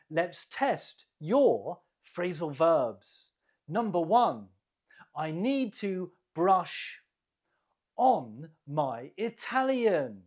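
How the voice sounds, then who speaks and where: An English teacher runs a quiz for learners at a very slow, careful pace, saying each word twice. The voice is husky, with a lively rise and fall of pitch. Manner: deliberate, repeats each word, explains stress.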